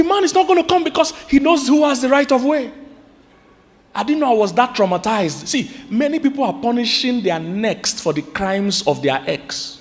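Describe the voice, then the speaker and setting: Nigerian male pastor, high voice, lively live sermon, long hall echo. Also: fairly quick. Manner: animated preaching with sudden high-pitched outbursts; asks the congregation questions.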